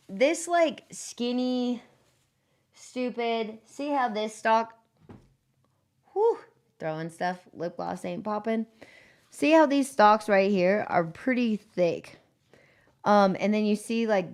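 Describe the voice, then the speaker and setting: In a mid-range voice, a woman gives a relaxed livestream tour of her plants, cursing without hesitation and often starting her sentences over. Her distance from the mic shifts as she moves around.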